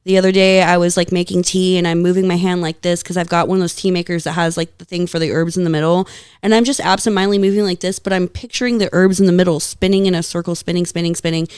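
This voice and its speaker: A woman guest on a podcast, telling stories in a lively, casual way, swearing freely and laughing often. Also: fairly low pitch, fast talker, smooth, no room sound, studio quality. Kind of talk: casual storytelling chat.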